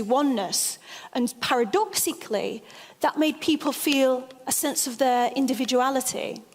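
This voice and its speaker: A woman giving a stage talk as an expert speaker, an expressive and animated storyteller. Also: on the high side, long reverb tail. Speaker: expert speaker on altered states.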